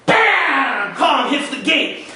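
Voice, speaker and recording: High-voiced, dramatic male storyteller. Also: fairly quick. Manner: dramatic, with shouted sound effects. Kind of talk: live storytelling performance. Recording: echoey room, mic far off.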